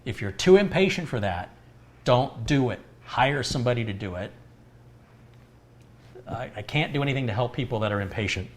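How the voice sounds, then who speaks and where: Expressive and mid-range, this American host of a live computer repair stream keeps a moderate pace broken by long pauses, with slight background noise. He explains hardware using everyday analogies while answering viewer questions.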